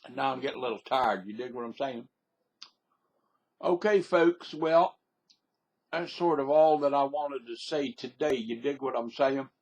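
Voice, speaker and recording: A man's voice: medium pitch, normal speed, pauses often, darkish tone, breathy edge. A man with an American Southern accent, rambling folksily through a casual monologue into a webcam microphone. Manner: folksy and rambling, with repeated catchphrases. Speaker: vlogger.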